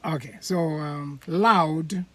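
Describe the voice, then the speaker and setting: A host from Edo State in Nigeria, speaking, giving a laughing commentary monologue with comic examples and halting fillers. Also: medium pitch. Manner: animated, laughing, acts out voices.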